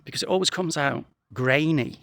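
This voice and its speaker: A man's voice: fairly high pitch, normal speed, vocal fry, fairly bright tone, no echo. Rambling man joking outdoors. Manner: dry, jokey, rambling, swears a lot. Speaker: vlogger. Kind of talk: rambling comic monologue to camera. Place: outdoors in a wheat field.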